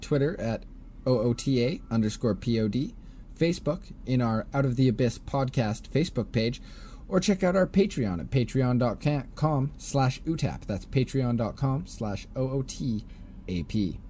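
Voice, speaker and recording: A man's voice: medium pitch, lively intonation, moderate pace, warm tone, slight background noise. A man hosting a podcast, recounting a case in casual chat with frequent fillers. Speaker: podcast host.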